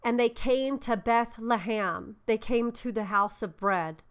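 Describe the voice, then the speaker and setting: A woman's voice: on the high side, measured pace, clean tone. Earnest woman teaching a Bible study. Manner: earnest, often asks "right?"; informal with frequent "um".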